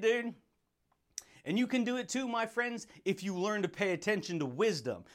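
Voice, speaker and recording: A man's voice: high voice, a bit bright. A man hosting a motivational podcast, hyped and slangy, laughing often and calling listeners baby and dude. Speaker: podcast host.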